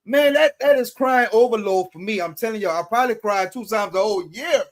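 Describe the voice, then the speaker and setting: A man in his forties in a casual chat as co-host, animated and playfully protesting. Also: high-pitched, fairly quick, hardly any pauses.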